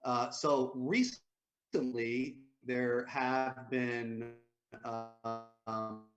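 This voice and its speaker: A man, a rabbi, answering a panel question in a measured, hesitant way, filling pauses with many uhs. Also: medium pitch, fairly even intonation, lo-fi sound, over music.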